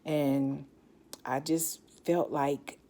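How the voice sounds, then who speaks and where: A woman's voice: deep voice, level tone, drawn-out words, dark tone. A woman telling her own story as a cancer survivor, reflective and candid, often restarting her sentences. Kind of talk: personal storytelling.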